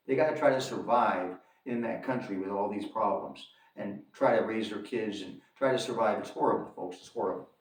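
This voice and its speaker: A man telling a story to his viewers in an emphatic rant, repeating lines for effect and calling them folks. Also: fairly low pitch. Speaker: commentator on his own channel. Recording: echoey room, distant from mic.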